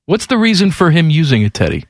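A man's voice: on the high side, wildly swooping pitch, fast, no room sound. Man, 40s, radio host, irreverent joking, dry studio mic. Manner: wisecracking, irreverent. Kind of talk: casual radio banter. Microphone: studio microphone.

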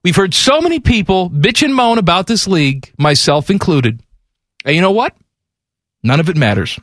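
A male sports radio host with a fairly high voice, blunt and opinionated as he rants. The sound is close and dry from a studio microphone. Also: expressive, normal speed, a bit bright, no room sound. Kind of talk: casual sports talk.

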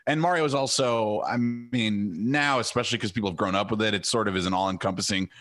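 A man's voice: on the low side, fast, fairly bright tone, faint music behind. A man co-hosting a podcast, chatting casually in an opinionated way and drifting into tangents. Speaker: podcast co-host. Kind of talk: casual chat.

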